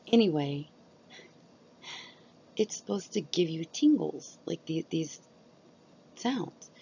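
Chatty low-voiced woman, lo-fi vlog. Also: vocal fry, mellow, a little hiss or hum. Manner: chatty, rambling, many "like"s. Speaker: vlogger. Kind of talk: casual chat about ASMR.

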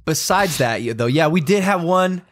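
A young man hosting a podcast, telling a story in casual chat, excitable, with his voice jumping up when he gets amused, on a studio mic. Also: fairly high pitch, moderate pace, dry recording. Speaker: podcast host.

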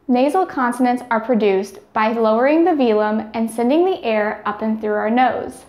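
A woman's voice: a little high, moderate pace, darkish tone, reverberant. A woman giving scripted speech therapy instruction, carefully demonstrating each sound.

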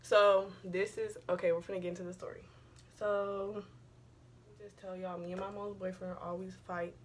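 A woman's voice: mid-range voice, little pitch movement, normal speed, slight background noise. A young woman vlogger telling a personal story in a casual, rambling, profane way, full of slang.

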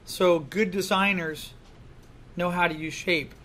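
A man teaching a class in a classroom, lively and full of questions to the students. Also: high voice, slow pace. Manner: animated, asks the class many questions. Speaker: art instructor. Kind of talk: classroom lecture.

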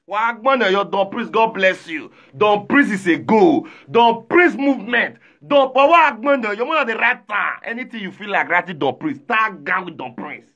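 A man with a Nigerian accent, chatting live and reading viewer comments aloud, animated, often shouting and repeating himself. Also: very high voice, highs cut off. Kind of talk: casual live-stream chat.

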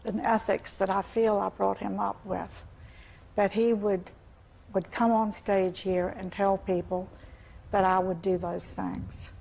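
A woman's voice: medium pitch, creaky, a little mellow. An older woman from Virginia with a Southern American accent, a talk show guest insisting on her denials.

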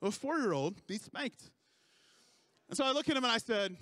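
Pastor, man, 30s, high voice, dry close sound, playful self-mocking storyteller. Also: lively intonation, moderate pace, a bit bright, no room sound. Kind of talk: sermon.

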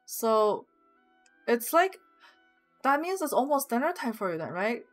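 A woman's voice: fairly high pitch, very animated, measured pace, long pauses. A young woman streaming a game, chatting casually with viewers, reading chat aloud and giggling often. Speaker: live streamer. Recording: music playing behind the voice.

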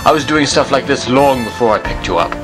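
A man voicing a weary, brave male time traveler in a fan animation, speaking in a calm, matter-of-fact way, with faint music underneath. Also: medium pitch, brisk, close to an everyday voice. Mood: calm resolve.

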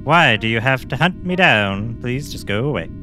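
A man's voice: medium pitch, animated, normal speed, bright, forceful tone, soft background music. A man voicing a pitiful old male scientist turned monster, whiny and pleading. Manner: whiny, pleading, self-pitying.

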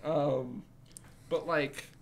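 A man's voice: fairly high pitch, steady tone, very slow, a little hiss or hum. A young man co-hosting a casual podcast, rambling through his ideas with lots of "like" and restarts. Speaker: podcast co-host. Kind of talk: casual chat.

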